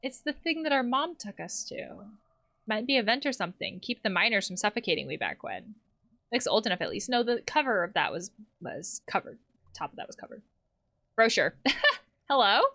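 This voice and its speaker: A woman's voice: mid-range voice, big pitch swings, moderate pace, bright, forceful tone. A woman playing a game, reading the characters' lines aloud and adding her own comments. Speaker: let's play host.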